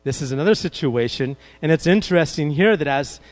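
Pastor, man, higher pitched voice, lively sermon delivery that keeps questioning the room. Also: brisk, no room sound, rough recording. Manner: animated, asks the congregation questions.

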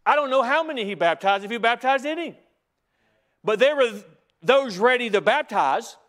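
A man with a high voice preaches a sermon in a church. He drops into soft, close asides, then climbs back up to loud, driving emphasis, stacking repeated phrases as he goes. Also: expressive, moderate pace. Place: church sanctuary.

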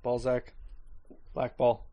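A man's voice: medium pitch, completely flat delivery, slow, mellow, muffled recording. A man narrating as game master in a tabletop game, loose and hesitant with fillers.

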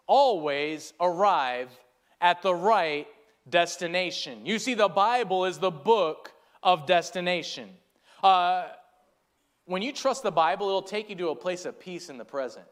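A man preaching a sermon in an earnest way, rising to loud emphatic lines and dropping to soft low ones, often repeating words when he gets going.

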